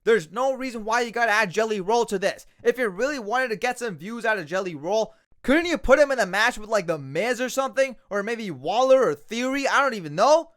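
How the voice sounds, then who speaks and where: A man's voice: high-pitched, expressive, fairly quick, hardly any pauses, fairly bright tone. A man reviewing a wrestling show in a ranting video, exasperated, firing off repetitive rhetorical questions.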